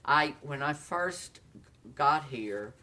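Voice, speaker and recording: A man in his sixties with a Southern accent, an actor telling stories in a casual interview, animated and quick to laugh. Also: fairly high pitch, far from the mic. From Tennessee. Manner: animated storyteller, acts out quotes, laughs often. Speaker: actor guest.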